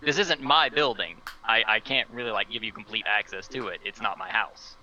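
Bright-voiced, stammering male player. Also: normal speed, lo-fi sound, slight background noise. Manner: hesitant, stammering, with sudden jumps in pitch. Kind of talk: playing his character in a tabletop game.

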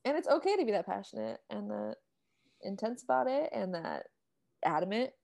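A woman's voice: mid-range voice, big pitch swings, normal speed, gravelly, a little mellow. A woman coach interviewing a fellow coach, asking questions casually and laughing often. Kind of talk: casual conversation.

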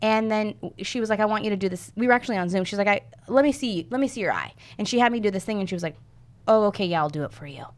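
A woman's voice: mid-range voice, racing. A woman in her thirties, a fitness coach guesting on a podcast, talking casually and acting out the people in her story. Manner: animated storyteller, acts out quoted voices.

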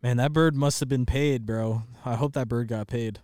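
A man trading wisecracks on a casual podcast, teasing the others and swearing freely. His voice sits in a middle pitch. The mic is close and dry, with no room sound. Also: steady tone, normal speed, darkish tone, no echo. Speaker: podcast co-host.

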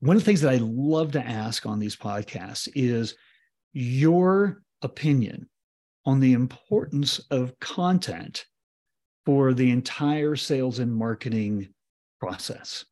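A man's voice: medium pitch, takes it slowly, a little mellow. A man hosting a podcast, framing his questions conversationally and often rephrasing mid-sentence. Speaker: podcast host. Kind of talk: interviewing in a business podcast.

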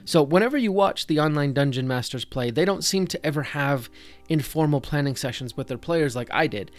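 A man with a slightly high voice talks straight to the listener, giving scripted tips on running tabletop games. His delivery is conversational and direct. Soft music plays faintly underneath. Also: animated, fairly quick. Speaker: podcast host, dungeon master.

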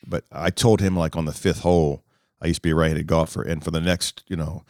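A man from Washington, D.C., a sports media guest, telling animated anecdotes and acting out what other people said. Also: rumbling low, quick pace, no room sound, clean studio sound. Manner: lively storyteller, acts out other people's lines.

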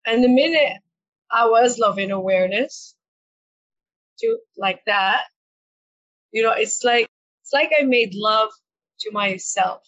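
A woman's voice: fairly high pitch, slow, pauses often, a bit bright, highs cut off. A woman coach speaking as a podcast guest, talking in a reflective, earnest way with frequent fillers and repeated words. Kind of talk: conversational interview.

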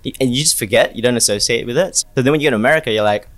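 A man's voice: mid-range voice, very fast, a bit bright, dry recording. A man co-hosting a casual podcast, musing aloud and asking questions, often ending lines with "eh". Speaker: podcast co-host. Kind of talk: casual chat.

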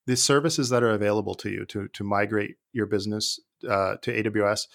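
Gravelly low-voiced man in an interview. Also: a little fast. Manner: relaxed, thoughtful, with fillers and restarts. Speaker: guest, former IT leader. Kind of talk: conversational interview.

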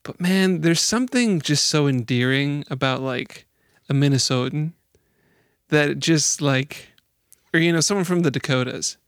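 Man from Chicago, gravelly mid voice, relaxed chatter, dry room. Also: on the high side, normal speed, no room sound. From Chicago area. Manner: easygoing, laughs often, frequent "like" and "you know". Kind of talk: casual chat.

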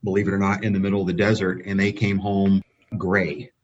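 A man, a dog-breeder guest on a podcast, telling relaxed anecdotes in a casual way. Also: sits low, fairly quick, a crowd in the background. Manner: relaxed, anecdotal, chuckles at his own stories. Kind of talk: casual storytelling. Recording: dull lo-fi sound.

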